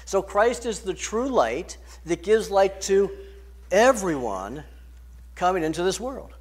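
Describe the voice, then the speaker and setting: A man preaching a sermon, emphatic, rising and falling in loudness and pace. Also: sits high, very animated, slow pace, breathy edge. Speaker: pastor.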